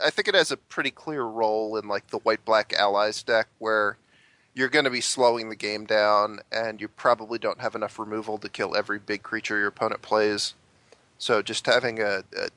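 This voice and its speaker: A man speaks as a podcast guest in a measured way, often restarting his sentences. His low voice has a bright, forceful edge. The recording is dry and close. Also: dry recording. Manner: measured, with frequent hesitant restarts. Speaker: podcast guest, professional card player. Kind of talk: casual interview chat.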